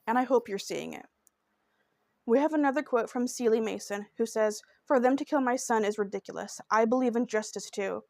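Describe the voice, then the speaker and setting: Woman, true crime podcast host, earnest, emotional, fairly high voice, dry close sound. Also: fairly quick, gravelly, a little mellow, dry recording. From Oklahoma. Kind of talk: podcast narration.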